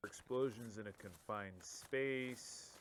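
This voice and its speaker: A man voicing a dry, exasperated game master who narrates the scene in an animated skit. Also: lowish voice, slow, a little hiss or hum.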